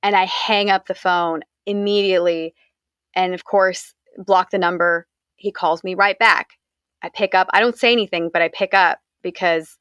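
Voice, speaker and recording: A woman's voice: mid-range voice, normal speed, a bit bright, smooth, no room sound. A young woman from the United States, candidly recounting a personal story in an interview, talking conversationally with frequent fillers.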